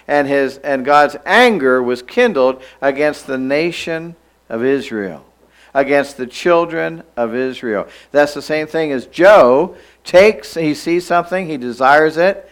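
A man preaching a sermon in a church, emphatic, slowing down to stress key lines and having the listeners repeat phrases after him. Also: fairly high pitch, low-quality recording.

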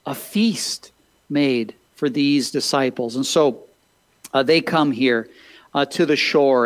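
A man's voice: mid-range voice, slow, dry recording, rough recording. A man pastor preaching a sermon, reading scripture and asking listeners rhetorical questions, with frequent "uh" fillers.

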